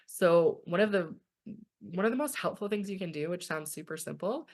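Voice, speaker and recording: A woman's voice: fairly low pitch, lively intonation, moderate pace, a little mellow. A young Canadian woman presenting a webinar from home, talking informally and often checking in with "okay?". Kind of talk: online webinar lecture.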